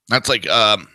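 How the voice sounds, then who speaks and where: A man's voice: on the low side, sharp tone, no room sound. A man in his thirties hosting a talk show, giving crude, profane and sarcastic ranting commentary.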